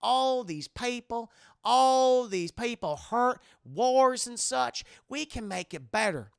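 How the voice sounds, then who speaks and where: Guy doing a slow pleading alien queen lady, high and drawn out, gravelly. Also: animated, no echo, clean studio sound, full character voice. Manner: slow, pleading, swelling louder. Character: seductive female alien queen monster, pleading.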